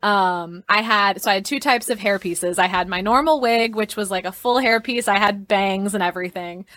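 A young woman guesting on a podcast shares a personal story, chatty and expressive, laughing often and peppering her sentences with "like" and "um." Her pitch is medium, her pace moderate, and the recording dry.

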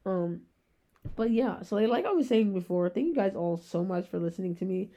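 A young woman in her twenties hosting a solo podcast, rambling in very fast casual chat with a rough-sounding voice. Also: mid-range voice, lively intonation, mellow. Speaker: podcast host.

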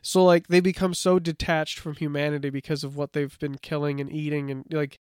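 A man with a fairly high, smooth and resonant voice talks in a loose, chatty way, reading bits from notes and leaning on filler words. The sound is close and dry. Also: fairly quick, no room sound. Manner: relaxed storytelling, reads from notes, many "like" fillers. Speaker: podcast co-host. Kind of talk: casual chat.

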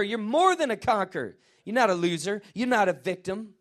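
Preacher guy, middle-aged, pretty high voice, fired up and getting the church to answer back. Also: brisk, few pauses. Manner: energetic, call-and-response with congregation. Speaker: pastor. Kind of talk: sermon. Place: church sanctuary.

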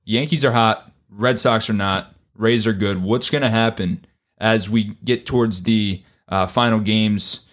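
A man's voice: fairly low pitch, fairly even intonation, a little slow, fairly bright tone. A man hosting a casual sports podcast, talking animatedly and swearing, and acting out other people in exaggerated voices. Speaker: podcast host. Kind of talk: casual chat.

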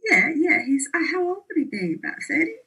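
A woman's voice: high voice, big pitch swings, quick pace, bright, forceful tone, poor audio. A middle-aged woman chatting casually, telling rambling anecdotes and laughing as she goes. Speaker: podcast co-host, mother. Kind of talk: casual storytelling chat.

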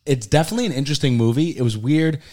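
A young man co-hosting a casual podcast, excitedly sharing fun facts with friends. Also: mid-range voice, rapid-fire, faint music behind. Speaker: podcast co-host. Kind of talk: casual chat.

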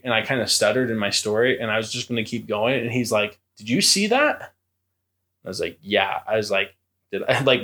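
A young man casually telling a spooky story on a podcast, acting out the voices and creaking sounds. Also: medium pitch. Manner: animated, acts out quoted voices and creaks. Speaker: podcast co-host.

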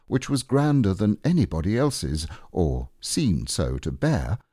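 Deep, slow male storybook narrator. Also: slightly rough, no room sound, clean studio sound. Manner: slow and unhurried, gentle phrasing. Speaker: audiobook reader.

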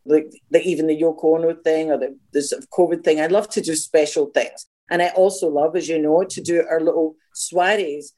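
A middle-aged Scottish woman, a singer, telling animated anecdotes as a guest, acting out other people's voices and swearing freely. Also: sits low. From Scotland.

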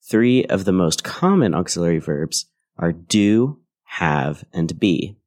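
Low-voiced male English teacher narrating a lesson. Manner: clear, measured explanatory delivery. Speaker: English teacher, podcast host.

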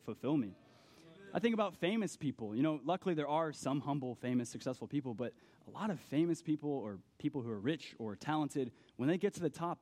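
A man's voice: medium pitch, darkish tone. A man preaching a youth sermon in an earnest, conversational way. He keeps calling his listeners "guys" and asks them rhetorical questions.

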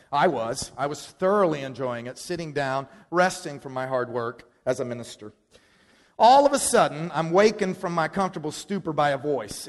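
A man preaching a sermon, telling a story in an animated, self-deprecating way. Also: fairly high pitch, in a large hall. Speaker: pastor.

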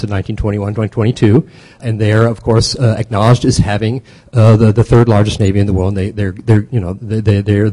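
Lecturer, male, mellow low-toned voice, loose and halting, full of "uh" and "sort of", leans hard on his key points. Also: rough recording. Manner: halting, many fillers and restarts; conversational, animated emphasis. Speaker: history lecturer. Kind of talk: academic lecture.

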